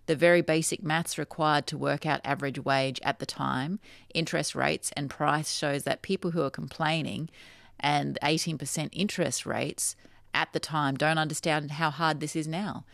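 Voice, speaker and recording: Chatty South Australian woman hosting talk radio, gravelly, reads listener texts. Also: low voice, fairly even intonation, moderate pace, fairly bright tone, no room sound. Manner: chatty, reads messages aloud with hesitations. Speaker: radio host. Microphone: studio microphone.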